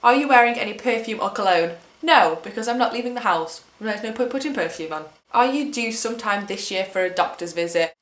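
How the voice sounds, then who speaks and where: A woman's voice: mid-range voice, animated, a little fast, few pauses, a bit bright, reverberant. A woman in her twenties with an English accent, chatting wryly and mocking herself as she answers questions at home. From England. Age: 20s. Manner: chatty, wry and self-mocking. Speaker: vlogger. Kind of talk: casual tag video chat.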